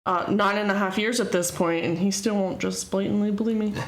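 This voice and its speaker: Co-host, female, from Canada, mid-pitched, blunt and sarcastic, echoey room. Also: steady tone, a little fast. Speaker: podcast co-host. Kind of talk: casual chat.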